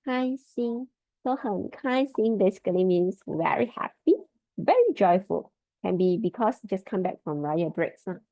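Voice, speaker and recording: A woman teaching a Mandarin lesson over a video call, drilling tones slowly and patiently. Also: medium pitch, no room sound. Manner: slow, patient drilling of tones, repeating words. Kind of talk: online language lesson. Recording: dull lo-fi video call audio.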